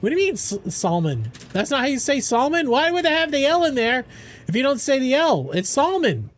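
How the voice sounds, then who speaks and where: A playful young man chats with his stream audience while he plays, rambling from joke to joke. His voice sits high. He talks with a lively, swooping lilt. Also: fairly quick. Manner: playful, rambling, answers chat and jokes around. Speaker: game streamer. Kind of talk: casual live-stream chat.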